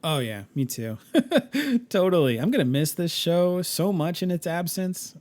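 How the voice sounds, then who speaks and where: A man's voice: high voice, expressive, measured pace, darkish tone. A man co-hosting a podcast in casual chat, enthusiastic, laughing often and stumbling over fillers and restarts. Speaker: podcast co-host.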